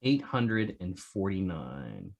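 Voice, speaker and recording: A man's voice: low voice, wildly swooping pitch, slow, creaky, darkish tone, muffled recording. A man hosting a podcast in a casual, joking way, teasing his co-hosts and reading out facts. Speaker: podcast host. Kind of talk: casual chat.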